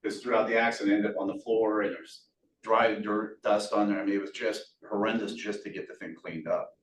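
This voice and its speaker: Speaking briskly in a fairly low voice with fairly even intonation, a male guest speaker shares an earnest motivational survival story with a meeting audience, breaking in with self-deprecating jokes. The meeting room echoes, the mic is distant, and there is a faint hiss.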